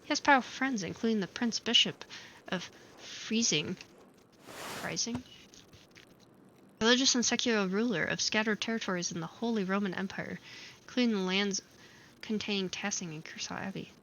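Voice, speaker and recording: Streamer, woman, bright clear voice, reads all game dialogue herself with offhand asides. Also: mid-range voice, dull audio, a little hiss or hum. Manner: reads every character's lines in her own voice, with quick asides. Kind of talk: let's play, reading game dialogue aloud.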